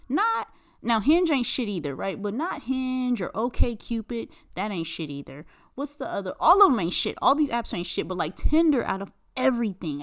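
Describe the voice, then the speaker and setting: A woman hosts a solo podcast, ranting in casual chat. She talks bluntly and sarcastically, swearing freely. Her voice swings widely in pitch, shooting up whenever she is incredulous. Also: unhurried. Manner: animated, pitch jumps high when incredulous. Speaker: podcast host.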